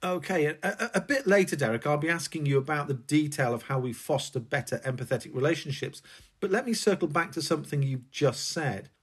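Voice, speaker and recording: A male podcast host asking measured, formal interview questions. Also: fairly high pitch, expressive, husky.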